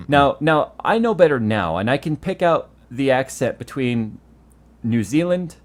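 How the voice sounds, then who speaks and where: A lively American man chatting on a tech podcast, his pitch jumping all over as he tells a story. He laughs easily, throws in swear words, and keeps a loose, joking rhythm. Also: normal speed. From United States. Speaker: tech show host. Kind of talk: casual podcast chat.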